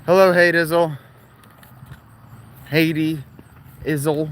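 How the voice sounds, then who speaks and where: A man's voice: on the high side, normal speed, fairly bright tone, slight background noise. A man hosting a casual livestream, rambling and answering chat while he walks outdoors at night near parked cars. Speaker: livestream host.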